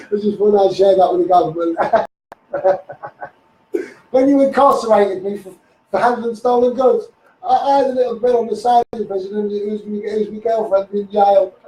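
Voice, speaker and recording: A high-voiced man with a dark tone and a Liverpool accent, from England, rants bluntly through a rambling livestream monologue. He keeps calling listeners "mate" and tacking on "you know what I mean," and the phone livestream sounds roomy and distant with faint noise.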